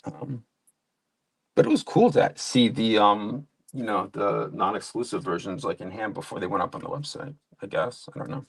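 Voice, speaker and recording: A man's voice: fairly low pitch, lively intonation, moderate pace, creaky, slightly rough. A man chatting casually, rambling with lots of fillers and poking fun at himself. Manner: rambling, self-deprecating, many fillers. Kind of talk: casual chat.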